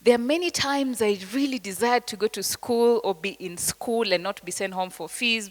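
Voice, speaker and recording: A woman with a Kenyan accent addresses a crowd in an inspirational speech. Her voice sits at a middle pitch, and she stretches key phrases slowly, then drops to a hushed whisper for emphasis. A long reverb from a large hall trails every word. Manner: emphatic, slow dramatic phrasing with sudden soft whispers. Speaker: motivational speaker.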